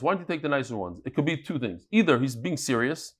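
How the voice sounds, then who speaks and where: A man, teaching a daily Talmud class in a lively, joking way, acting out the quotes he reads. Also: fairly high pitch, fairly quick, few pauses, husky.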